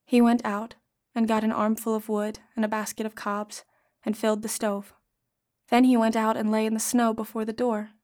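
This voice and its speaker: A woman narrating a classic short story in a measured, expressive reading. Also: a little high. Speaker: audiobook reader.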